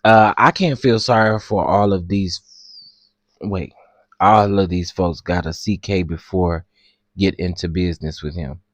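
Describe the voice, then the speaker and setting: A man's voice: sits low, unhurried, dry recording. A man chatting casually as a show commentator, reading comments aloud and restarting his sentences often. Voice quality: chatty, stammering restarts, giggly. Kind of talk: casual chat.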